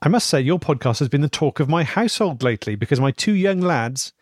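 Slightly high man, dry sound. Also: animated, fast talker, no room sound. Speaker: podcast co-host reading listener email. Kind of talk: comedic banter and reading aloud.

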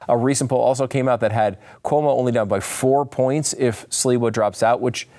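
Tired gravelly male political host. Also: mid-range voice, normal speed. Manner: rambling, self-interrupting, animated asides. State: tired, voice a bit shot. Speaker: show host. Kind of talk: political commentary monologue.

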